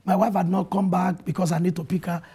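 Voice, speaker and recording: A man's voice: sits high, little pitch movement, fast talker, warm tone, slightly rough. A pastor telling his stories of faith in a TV interview, earnestly quoting scripture and retelling events with animation. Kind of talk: testimony in a TV interview. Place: TV studio.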